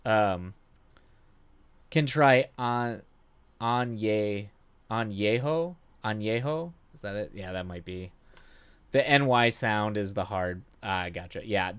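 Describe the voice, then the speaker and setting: A lowish, smooth, slightly bright voice belongs to a man in his thirties livestreaming a game from home at night. He chats casually with viewers, rambling and self-deprecating, filling gaps with fillers and idle humming.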